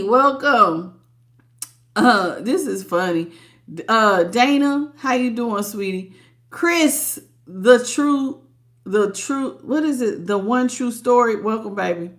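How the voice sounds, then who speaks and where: A woman's voice: fairly high pitch, a bit bright. A woman giving a live tarot reading, blunt and sassy, greeting viewers as baby and sweetie. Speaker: tarot reader.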